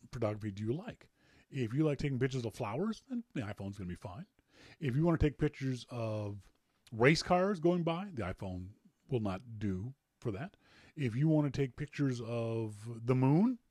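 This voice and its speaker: Animated man hosting, lively pitch. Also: no room sound, clean studio sound. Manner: animated, rambling, repeats words, jokey. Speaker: podcast host. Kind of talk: casual chat.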